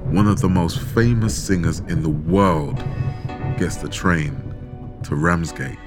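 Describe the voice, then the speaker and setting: A man telling a true story in measured, dramatic scripted narration, with rhetorical questions. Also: low-pitched, lively intonation, gravelly. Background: background music.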